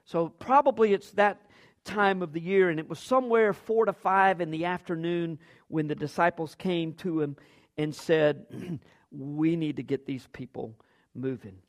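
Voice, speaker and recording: A man's voice: fairly high pitch, unhurried. A man preaching a sermon as pastor, acting out quoted lines with big jumps in his voice.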